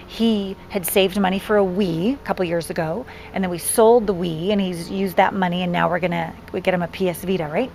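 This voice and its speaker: A woman's voice: mid-range voice, a little hiss or hum. A middle-aged woman talking in a casual diary vlog, rambling and heartfelt with many ums, recorded outdoors on a handheld camera. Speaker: vlogger. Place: outdoors near trees.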